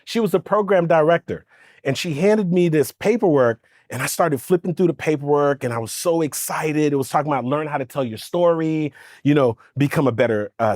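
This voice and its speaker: An animated male storyteller, dry close sound. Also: on the high side, dry recording. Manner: animated storyteller who acts out quoted voices. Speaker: guest, storytelling coach. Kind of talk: conversational interview storytelling.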